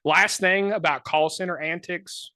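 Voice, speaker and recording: Bright-voiced man telling animated stories. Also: sits high, measured pace, dry recording. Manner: animated, filler-heavy anecdotes with many put-on voices. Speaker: podcast co-host. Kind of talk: casual storytelling chat.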